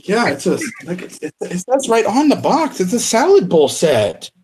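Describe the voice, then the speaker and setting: Male podcast host, a touch high-pitched, loose and chatty, quick to laugh at himself. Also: huge pitch swings, darkish tone, a little hiss or hum. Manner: laughs often, self-deprecating. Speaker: podcast host doing live unboxings. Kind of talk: casual chat.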